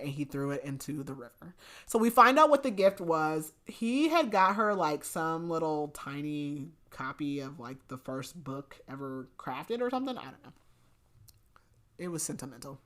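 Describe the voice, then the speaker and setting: Young woman w a lowish voice, gushing book recap, says like a lot. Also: a bit bright. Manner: chatty, filler-heavy with frequent "like", laughs often. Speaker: podcast co-host. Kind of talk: casual book recap chat.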